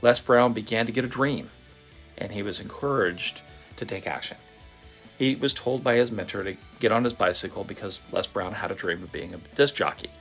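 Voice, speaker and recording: A man telling a motivational story in a vivid, animated storytelling manner. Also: lowish voice, moderate pace. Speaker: motivational speaker. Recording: faint guitar music behind. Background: soft guitar music.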